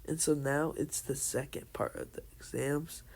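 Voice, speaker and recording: A man telling a casual, made-up fan story in a halting way, full of restarts and fillers. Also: a little high, fairly even intonation, vocal fry. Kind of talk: casual fan-fiction narration.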